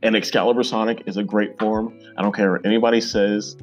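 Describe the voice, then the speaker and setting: On a podcast, a twenty-something comic creator rambles eagerly in casual conversation, full of fillers. He speaks quickly in a lowish, flat voice over lo-fi sound with faint music behind.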